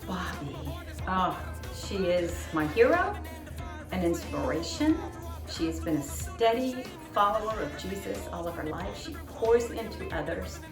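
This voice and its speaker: A woman's voice: fairly low pitch, very animated, a little slow. Church lady, choked up, sounds far off in a roomy space, music under it. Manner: emotional, near tears. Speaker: church member. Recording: echoey room, distant mic.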